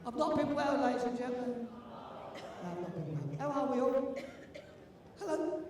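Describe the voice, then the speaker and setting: An older man with a London accent and a very high voice, joking and teasing his way through crowd banter as an event compère. He sounds far from the mic, with heavy echo off a big indoor arena and some faint noise behind. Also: big pitch swings, normal speed. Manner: jokey, teasing, chatty with the audience. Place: large indoor sports arena. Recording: echoey hall from far off, with room noise.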